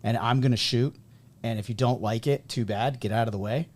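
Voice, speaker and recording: A man in his thirties from New England, hosting a casual podcast conversation and telling stories in an animated way. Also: mid-range voice, fairly quick. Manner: animated storyteller, acts out quoted people. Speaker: podcast host and high school coach.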